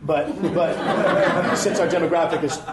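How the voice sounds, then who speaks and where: A man in his thirties from Detroit, a comedian and actor, telling animated stories in a candid live interview. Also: fairly high pitch, measured pace. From Detroit, USA. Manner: animated storytelling with frequent restarts and laughs. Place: live interview before an audience. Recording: echoey room, faint ambient noise.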